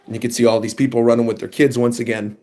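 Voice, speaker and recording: A man streaming a casual manga reaction, reading panels aloud and commenting in an excitable, animated way. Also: medium pitch, fast. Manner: excitable, animated, reads lines in funny voices.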